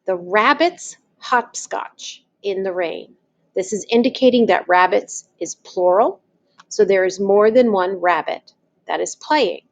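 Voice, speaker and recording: A woman talks through a lesson at an unhurried, careful pace. She explains patiently, step by step, like a teacher with her class. Her voice sits at an ordinary middle pitch. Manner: patient, spells things out step by step. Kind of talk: slow, deliberate classroom explanation.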